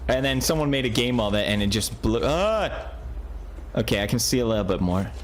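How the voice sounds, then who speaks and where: A man in his thirties playing a horror game on video, joking along and jumping into high yelps whenever he gets scared. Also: quick pace, a little hiss or hum. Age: 30s. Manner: jumpy, jokey, bursts into high yelps when scared. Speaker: gaming video host. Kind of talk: horror game play commentary.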